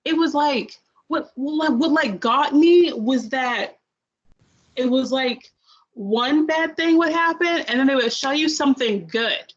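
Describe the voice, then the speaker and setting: A young woman with a fairly high voice talks through a show review in a loose, animated, rambling way, piling on asides. Her sound is dull and lo-fi, as if from a basic setup. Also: unhurried. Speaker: podcast co-host. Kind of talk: casual review chat.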